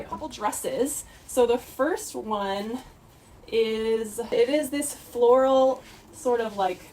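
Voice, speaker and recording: Her pitch is fairly high and a little mellow, with slight background noise behind her. She's a woman in her 30s, a fashion vlogger chatting cheerfully during a try-on haul and filling her speech with "like" and "sort of."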